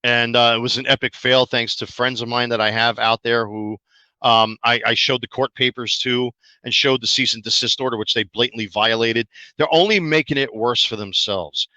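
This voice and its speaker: A man's voice: mid-range voice, steady tone, moderate pace, sharp tone, dry recording, lo-fi sound. A man making a defiant, profane, boastful statement in a clip from his own video.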